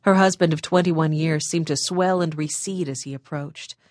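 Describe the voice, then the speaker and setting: A woman narrating an audiobook, reading in a measured, emotive storytelling manner on a close microphone. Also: sits low, a little mellow, no room sound. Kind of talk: scripted narration of a historical novel.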